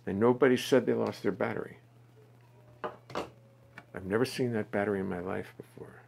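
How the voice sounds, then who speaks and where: A man's voice: fairly even intonation, moderate pace, gravelly, background noise. A man hosting a musical livestream from his studio, chatting in an easygoing, musing way between songs on a phone mic. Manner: musing, easygoing, talks to himself. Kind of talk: casual rambling chat between songs. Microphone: phone on a stand. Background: his own double bass playing.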